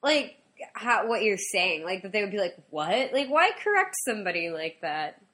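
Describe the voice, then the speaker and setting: A woman co-hosting a podcast in casual chat, an animated storyteller who acts out other people's lines. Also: medium pitch, moderate pace. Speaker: podcast co-host.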